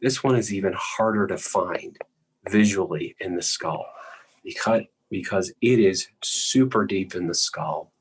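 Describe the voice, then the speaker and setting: A male lecturer explaining anatomy patiently while drawing, often clearing his throat. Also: deep voice, a little slow, rough recording.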